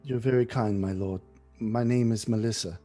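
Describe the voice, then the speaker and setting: Man playing a scared young peasant woman, soft halting apologetic voice, low and mellow, tabletop game. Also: fairly even intonation, soft background music, close to an everyday voice. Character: frightened young peasant woman, newly dead.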